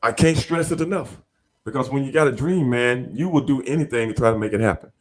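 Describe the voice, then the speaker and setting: A male podcast host in casual conversation with a guest. He speaks at an ordinary middle pitch, stressing and repeating his points with hype and street slang. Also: quick pace. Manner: emphatic, repetitive, slangy hype talk. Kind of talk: casual interview chat.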